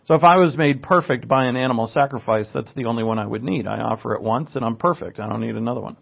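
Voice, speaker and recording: A male pastor teaches a sermon verse by verse in a conversational way, adding asides, correcting himself, and raising his emphasis on key words. His mid-range voice is gravelly and quick with few pauses, captured in a dull lo-fi recording.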